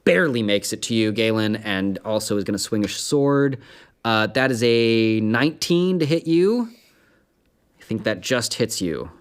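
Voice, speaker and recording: A man's voice: lowish voice, lively intonation, a little slow, clear, resonant tone. A man in the dungeon master role, narrating a tabletop game loosely, with many fillers and laughs.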